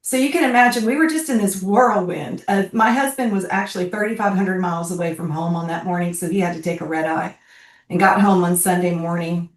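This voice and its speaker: A woman in her sixties telling a personal story on a video call, heartfelt and halting, her voice climbing high when moved. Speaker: guest speaker, bereaved military mother. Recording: roomy, distant from the mic.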